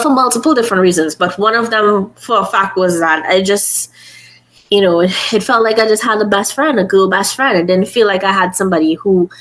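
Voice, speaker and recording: A woman's voice: mid-range voice, a bit bright, rough recording. A young woman hosting a podcast, talking casually and earnestly, thinking aloud with frequent restarts. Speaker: podcast host. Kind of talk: casual reflective podcast talk.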